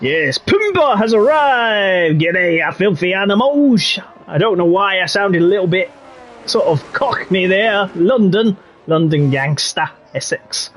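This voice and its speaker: A man with a Yorkshire accent commentating a racing game live, chatty and jokey. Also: sits high. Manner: chatty and jokey, drifting into banter. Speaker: league race commentator.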